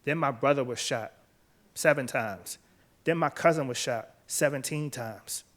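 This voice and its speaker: A man's voice: mid-range voice, fairly bright tone. Earnest middle-aged man telling his story. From Washington, D.C. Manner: measured, earnest storytelling in short phrases. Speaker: author speaking at an event. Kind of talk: personal storytelling talk.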